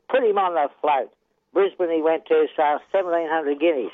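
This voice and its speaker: An older Australian man, a retired horse trainer, speaks a little fast and a little high in a steady tone, his voice thin and phone-like, dry and close with no room sound. In a casual storytelling interview, he rambles through racetrack yarns, chuckling often and dropping "yeah" between every thought.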